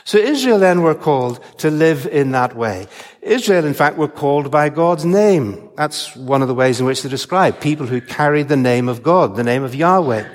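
Older guy preaching in a church, kinda high voice, long echo, slow careful emphasis. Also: animated. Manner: measured expository preaching with emphatic stresses. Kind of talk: sermon.

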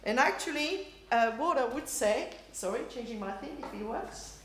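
Lively woman preaching in an echoey hall. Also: fairly high pitch, moderate pace, noisy background. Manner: lively, animated, acts out quoted reactions, laughs often. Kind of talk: sermon. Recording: roomy hall echo, faint ambience.

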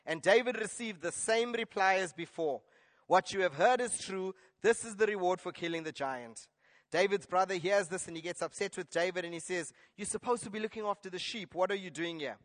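A man preaching a sermon, retelling a Bible story with lively acted-out lines and questions to the congregation. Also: high-pitched, a little fast. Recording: long hall reverb.

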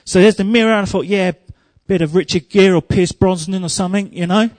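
A man preaching a sermon, telling humorous stories and growing loud and emphatic. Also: sits high, fairly quick, no echo.

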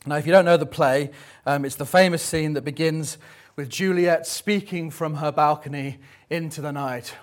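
A man in his thirties delivering a church sermon with a slightly high voice. He talks in a relaxed, conversational way, slipping in jokes and frequent ums between points. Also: moderate pace. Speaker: preacher. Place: church service.

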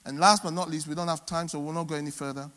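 A man preaching a sermon, swinging between loud emphatic peaks and soft low asides. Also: fairly even intonation, very fast. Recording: long hall reverb.

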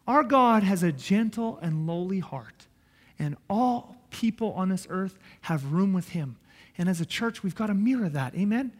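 High-voiced pastor preaching earnestly. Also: male voice, lively intonation, measured pace. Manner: earnest, emphatic, swings from loud to soft. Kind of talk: sermon. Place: church hall. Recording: echoey church hall.

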